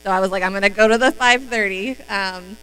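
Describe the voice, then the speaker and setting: A woman's voice: mid-range voice, fairly quick, a bit bright, smooth, low-quality recording. A woman sharing sales tips in a casual live-stream talk, confident and matter-of-fact. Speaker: sales consultant.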